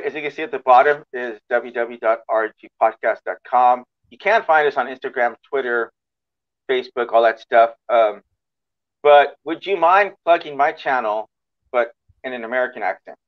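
A man's voice: mid-range voice, normal speed, dull audio. A man hosting a podcast in casual interview chat, friendly and rambling with frequent restarts. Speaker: podcast host.

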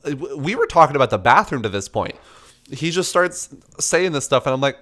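A young man casually telling a story, animated, swearing and acting out the people in it. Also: a little fast. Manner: animated, swearing, acts out dialogue in a higher voice.

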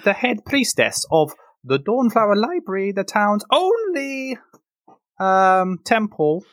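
A man's voice: high voice, sing-song, takes it slowly, a bit bright, no room sound, studio quality, pitched above the performer's own voice, full character voice. A man voicing a fussy, cheerful priestess-healer with a raised, prim voice. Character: fussy male priestess-healer, chirpy and proper.

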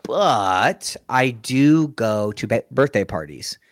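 Man, mascot performer, casual interview storytelling, animated, laughs a lot, dry close sound. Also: medium pitch, slow, no room sound. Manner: animated, laughs often, acts out quotes.

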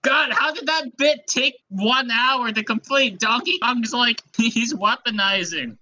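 A podcast co-host riffing through improvised comedy bits, excitable and quick to laugh. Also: medium pitch, a crowd in the background.

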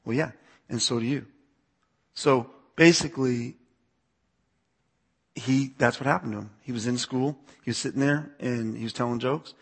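Speaking at a normal pace with frequent pauses, this man has a medium-pitched voice marked by vocal fry and a breathy edge. He's a fortysomething youth pastor who grew up on the East Coast of the US, talking casually to a church crowd, repeating himself and inviting people to put their hands up.

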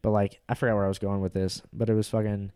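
A man's voice: fairly low pitch, level tone, fast talker, dark tone, clear, resonant tone. A young man, a stand-up comic hosting a podcast, chatting casually in a rambling, profane way full of fillers. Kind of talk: casual chat.

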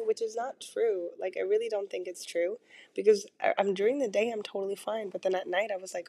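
Hoarse young woman rambling casually. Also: medium pitch, steady tone, a little fast, a little mellow. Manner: rambling, frequent "like" fillers, swears casually. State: hoarse, lost voice from illness. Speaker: podcast host. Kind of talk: casual solo podcast chat. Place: in bed at home.

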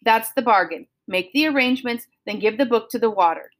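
A woman's voice: a little high, expressive, fairly quick, natural voice. A frightened young woman on the edge of tears, pleading in a raised, strained voice, as a woman reading a storybook puts her on. She sounds desperate and driven, and her urgency never lets up. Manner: tearful, breathless, urgent pleading.

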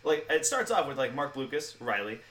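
A man co-hosting a podcast, chatting casually about a film, quick and animated, laughing often. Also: mid-range voice, distant mic, crowd noise. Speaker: podcast co-host.

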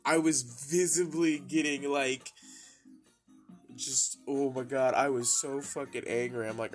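A man's voice: mid-range voice, steady tone, unhurried. A young man telling rambling, profane stories in a casual monologue, laughing and mimicking his friends. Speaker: podcast host telling stories. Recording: faint music bed behind.

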